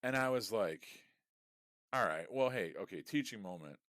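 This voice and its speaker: A middle-aged podcast co-host launches into a profane, exasperated rant while telling a story in casual chat. His lowish, fairly bright voice is animated and moderately paced, recorded dry with clean studio sound.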